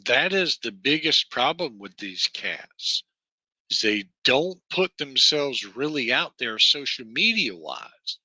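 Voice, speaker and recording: A man's voice: medium pitch, very animated, slow pace, bright, forceful tone, husky, no echo. A man with a Southern American accent hosting a livestream, ranting at length in a profane, rambling way full of fillers and restarts. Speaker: livestream host.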